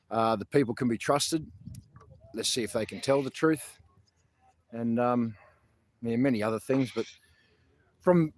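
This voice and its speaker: An Australian man hosting a casual outdoor livestream, talking in an earnest, rambling way with many fillers and restarts. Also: medium pitch. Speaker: protest livestream host. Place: outdoors in a public garden.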